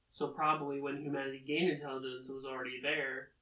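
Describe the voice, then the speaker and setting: A man giving a casual plot recap, rambling and pausing on many fillers. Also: mid-range voice, level tone, pushed and bright. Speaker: anime recap host. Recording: roomy, distant from the mic.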